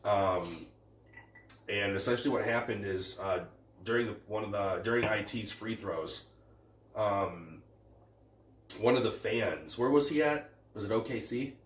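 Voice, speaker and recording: A man's voice: lowish voice, a little slow, long pauses. Rambling man in an echoey room. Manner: rambling, retells stories with filler words. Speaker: podcast co-host. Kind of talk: casual sports chat. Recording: roomy echo, a bit far from the mic.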